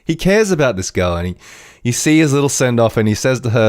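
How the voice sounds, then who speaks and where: Animated rambling podcast man. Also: mid-range voice, fast talker, dry recording, clean studio sound. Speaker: podcast host. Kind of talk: casual TV episode review.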